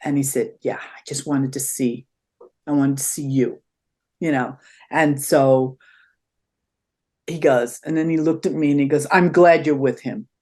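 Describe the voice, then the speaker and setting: A woman's voice: rumbling low, a little slow, pauses often. An older woman, an interview guest, telling stories in a conversational way and acting out what people said. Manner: animated storyteller acting out quotes.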